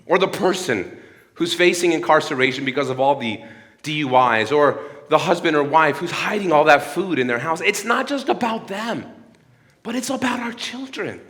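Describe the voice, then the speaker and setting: A man's voice: fairly high pitch, expressive, moderate pace, a bit bright. Earnest man speaking in a reverberant church. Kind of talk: sermon-like talk. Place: church hall.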